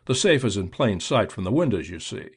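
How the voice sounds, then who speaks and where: A man voicing a smooth-talking male gentleman crook who speaks in a suave, confident, persuasive way. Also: lowish voice, very animated, fairly quick, full character voice. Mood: smooth bluff.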